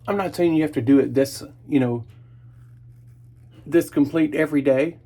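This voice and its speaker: A man in his thirties hosting a casual shaving vlog at his bathroom sink, relaxed and enthusiastic, humming in approval. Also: fairly high pitch, normal speed. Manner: relaxed, enthusiastic, chatty with small hums of approval. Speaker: wet shaving channel host. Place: home bathroom at the sink, indoors.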